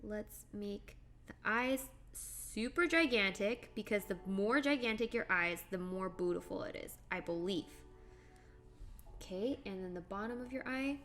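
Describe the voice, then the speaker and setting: A woman's voice: medium pitch, a little slow, a bit bright, faint music behind. A young woman live-streaming as she draws, chatting casually with viewers, giggling and thinking aloud. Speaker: livestreamer. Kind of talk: casual live-stream chat while drawing.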